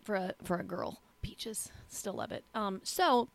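A woman's voice: mid-range voice, a little slow, creaky. Chatty woman co-hosting a film podcast. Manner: chatty, animated, bursts into squealing voices when quoting. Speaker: podcast co-host. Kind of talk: casual film chat.

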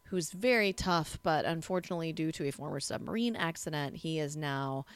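A woman co-hosting a podcast in casual chat, talking in an expressive, chatty way with frequent restarts. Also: low-pitched, fairly quick, clear, resonant tone, no room sound. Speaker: podcast co-host.

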